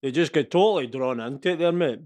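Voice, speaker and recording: A Scottish man co-hosting a casual sports watch-along podcast, animated, laughing often and swearing. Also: medium pitch, fast talker. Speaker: podcast co-host.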